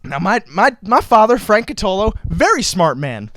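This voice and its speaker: A man's voice: high-pitched, big pitch swings, moderate pace, fairly bright tone, no room sound, clean studio sound. A teenage boy hosting a podcast, rambling in a goofy, self-mocking way. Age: teens. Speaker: podcast host. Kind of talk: joking podcast chat.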